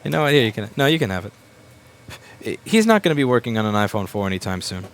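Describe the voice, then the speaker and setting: A man's voice: on the low side, very animated. A repair shop owner ranting bluntly and with plenty of swearing as he works at his bench. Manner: blunt and sweary, with quick mocking asides. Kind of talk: profane ranting while working.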